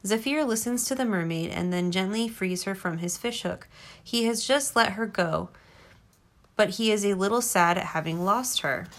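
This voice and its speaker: A woman reading a storybook aloud to her child, gentle and expressive. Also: medium pitch, moderate pace.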